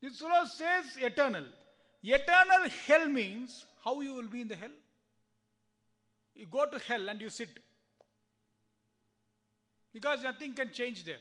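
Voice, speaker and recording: High, bright-voiced Indian swami. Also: male voice, animated, unhurried, pauses often. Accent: Indian English. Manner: asks the audience rhetorical questions, acts out the dialogue himself. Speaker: swami giving a spiritual discourse. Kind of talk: spiritual discourse to a temple audience.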